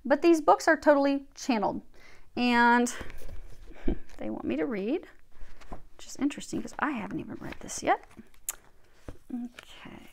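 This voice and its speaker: A woman, a spiritual healer, talking casually and animatedly before reading aloud from a book, with soft murmured asides. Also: high-pitched, expressive, normal speed, creaky, long pauses.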